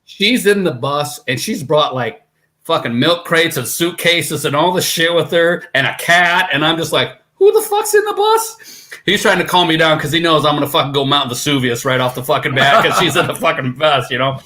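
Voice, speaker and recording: A man in a band tells road stories as a podcast guest, swearing freely and acting out what people said. His voice is bright and sits a bit high. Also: brisk. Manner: swearing, animated storytelling that acts out quotes. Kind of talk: casual storytelling.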